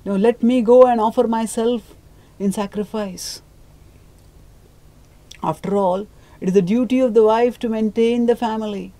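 A devoted wife implores her husband, reasoning through her plea in a lifted, earnest voice. A storyteller voices her in a spoken retelling. She sounds steady in her resolve. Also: mid-range voice, normal speed, pauses often, dry recording, pitched above the performer's own voice, natural voice, poor audio. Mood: imploring. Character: devoted wife, pleading mother.

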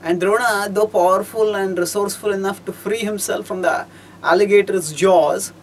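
A man giving a storytelling lecture on scripture, measured and explanatory, pausing often and rephrasing as he goes. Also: high voice, steady tone, slight background noise, rough recording. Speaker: teacher of scripture.

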